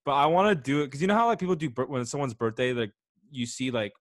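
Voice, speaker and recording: A man's voice: mid-range voice, expressive, fast talker, dry recording, studio quality. A young man co-hosting a podcast, rambling casually with many fillers. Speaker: podcast co-host. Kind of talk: casual chat.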